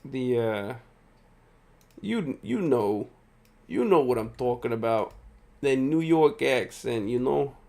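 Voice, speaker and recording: A man's voice: mid-range voice, lively intonation, slow, vocal fry, pauses often, darkish tone. A tired male streamer giving casual live gameplay commentary, chatting with viewers and laughing often. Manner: chatty, reads and answers viewer chat, frequent laughs.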